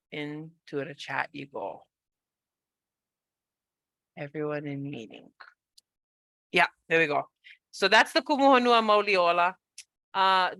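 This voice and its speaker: A woman's voice: fairly low pitch, creaky, pushed and bright, dry recording. A woman from Hawaii, a cultural practitioner, giving a chatty, upbeat online presentation on a video call, with many fillers and restarts.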